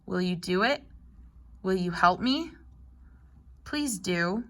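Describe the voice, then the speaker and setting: A woman voicing a loving, patient God who coaxes gently. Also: lowish voice, lively intonation, slow. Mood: coaxing. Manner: gentle, coaxing.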